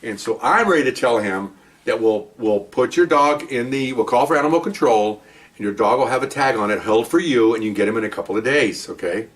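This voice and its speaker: Older man telling cop stories fast. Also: medium pitch, far from the mic. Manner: animated, chuckling, talks in fits and starts. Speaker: retired police officer storyteller. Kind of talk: casual anecdote telling.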